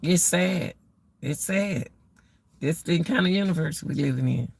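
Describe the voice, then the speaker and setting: A woman's voice: sits low, a little slow, vocal fry, darkish tone, husky, dry recording. A middle-aged woman hosting a casual live-stream rant, exclaiming and repeating herself as she talks straight to her viewers.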